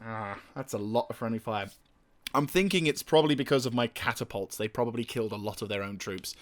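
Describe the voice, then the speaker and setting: In this let's-play, the young man hosting a gaming channel talks briskly in a mid-range voice, shouting eager commands to his troops. Between curses, he wanders off into chatter about the game.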